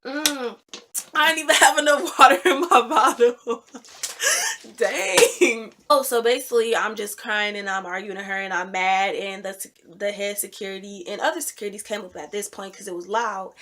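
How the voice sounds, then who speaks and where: A young woman vlogger telling a personal story in a casual, animated and emphatic way. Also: mid-range voice. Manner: animated, emphatic storytelling with loud reenacted quotes. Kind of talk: storytime vlog.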